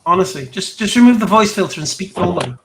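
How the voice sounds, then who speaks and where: A man's voice: high-pitched, lively intonation, fast talker, a bit bright, slight background noise. A man co-hosting a debate stream, talking bluntly and impatiently. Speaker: co-host. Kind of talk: casual live-stream banter.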